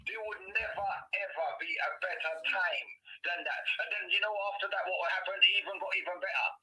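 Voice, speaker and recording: A man's voice: high voice, brisk, slightly rough, rough recording. A man from England talking animatedly and casually, swearing as he reminisces. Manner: animated, swearing, nostalgic storytelling. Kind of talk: casual chat.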